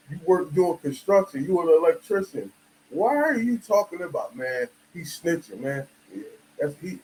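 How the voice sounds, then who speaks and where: A man's voice: a little high, warm tone, a little hiss or hum, rough recording. A man from the United States giving a casual, emphatic monologue full of slang and "you feel me" asides. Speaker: video commentator.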